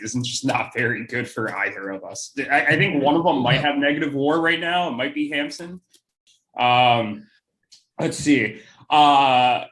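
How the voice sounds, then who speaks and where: A man's voice: medium pitch, a bit bright. A young man co-hosting a casual podcast chat, who laughs often and talks with many fillers. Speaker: podcast co-host.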